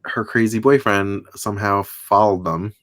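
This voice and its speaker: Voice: low voice, steady tone, normal speed, a bit bright. A podcast co-host in a casual recap chat, retelling scenes with quoted voices and frequent laughs.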